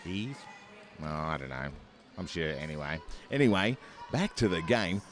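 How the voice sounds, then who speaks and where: A man's voice: a bass voice, very animated, normal speed. A man with an Australian accent doing live commentary on a roller derby bout, chatty and rambling, with plenty of fillers and self-deprecating asides. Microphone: headset.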